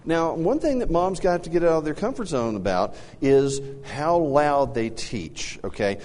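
Man, middle-aged, animated storyteller, swooping pitch, casual parenting talk, long reverb. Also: a little slow, soft background music. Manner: animated storyteller, acts out quotes with big pitch jumps. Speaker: co-host.

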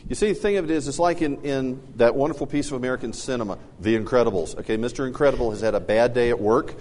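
A middle-aged man co-hosting a casual parenting talk, telling animated stories and acting out the people he quotes. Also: quick pace, in a large hall, a little hiss or hum. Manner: animated storyteller, acts out quotes with big pitch jumps. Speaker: co-host.

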